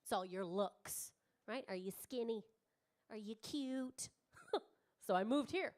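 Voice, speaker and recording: Woman, 30s, high voice, brash stand-up comic, swearing, bantering with the audience. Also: takes it slowly, darkish tone. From Canada. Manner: brash, swearing, chatty with the crowd. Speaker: stand-up comedian. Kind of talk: stand-up comedy set. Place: comedy club stage.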